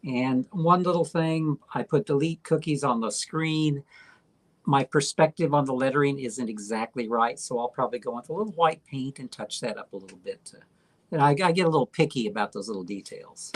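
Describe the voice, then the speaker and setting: A man's voice: medium pitch, a little fast. A man co-hosting a live stream, talking easily and walking through his painting step by step. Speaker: artist and show host. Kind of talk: casual live stream chat.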